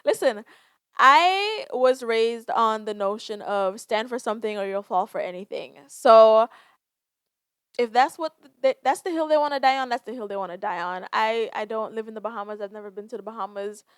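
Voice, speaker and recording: A woman's voice: a little high, animated, normal speed, clear, resonant tone, no echo, clean studio sound. A young woman hosting a solo podcast, talking candidly and emotionally with frequent sighs and swearing. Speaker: podcast host. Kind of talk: casual solo podcast talk.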